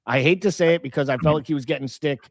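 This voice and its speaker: A man co-hosting a casual football podcast, measured and analytical, laying out his points one by one. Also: fairly high pitch, dry recording, clean studio sound. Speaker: podcast co-host.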